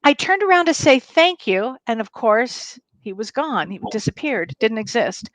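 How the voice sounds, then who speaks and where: A middle-aged woman co-hosting a talk show, telling a personal story in a lively, animated way. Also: fairly high pitch, moderate pace, no echo, rough recording. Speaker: co-host. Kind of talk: casual chat, personal storytelling.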